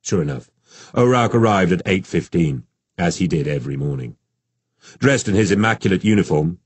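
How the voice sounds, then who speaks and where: Man narrating an audiobook, deep husky voice, steady pace, dry close mic. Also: dry recording. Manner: measured, steady storytelling.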